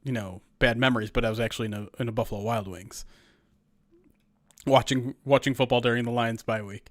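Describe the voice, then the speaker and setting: A man's voice: medium pitch, fairly even intonation, a little fast, dry recording, studio quality. A man hosting a casual sports podcast, laughing often as he talks. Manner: laughs often while talking. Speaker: podcast host.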